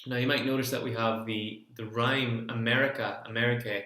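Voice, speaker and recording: A man's voice: mid-range voice, level tone, normal speed, fairly bright tone, reverberant. A man giving a folk singing lesson, chatting through the choices he makes and singing the phrases to show them. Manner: chatty explanations between sung demonstrations. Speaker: singing teacher.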